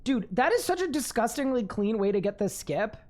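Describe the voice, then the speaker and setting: Excitable young woman streaming a game. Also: fairly high pitch, a little fast. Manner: excitable, laughs often, talks to chat. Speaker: gaming streamer. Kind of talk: live gaming commentary.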